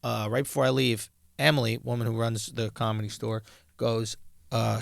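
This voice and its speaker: A man's voice: mid-range voice, moderate pace, creaky, no room sound, clean studio sound. A man in his thirties, a podcast host, telling a comedic story with lots of swearing and acted-out quotes. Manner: animated, swearing, acts out quotes.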